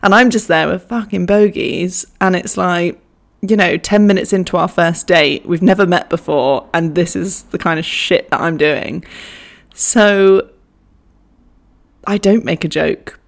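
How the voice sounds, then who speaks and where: A woman's voice: lowish voice, moderate pace. A young woman telling a funny personal story in a chatty, self-mocking way, swearing freely. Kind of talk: casual anecdote.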